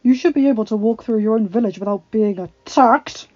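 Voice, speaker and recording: A woman's voice: lowish voice, flat delivery, normal speed, warm tone, natural voice. A woman voicing a fierce, protective male beast prince who growls and snarls his words, in a storybook reading. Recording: slightly dull, faint background music.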